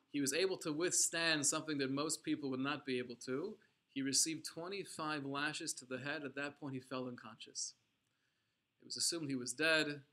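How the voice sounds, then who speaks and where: Leading a religious class, this male Torah teacher recounts a story with drama and emphasis, using Hebrew and Yiddish words. His voice runs high, pushed and bright.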